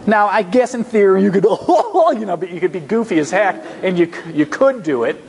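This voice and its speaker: Animated high-voiced man giving a talk. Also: fast talker, vocal fry. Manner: energetic, acts out quoted voices, emphatic repetition. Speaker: guest speaker on job interviews. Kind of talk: humorous motivational talk. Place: lecture hall.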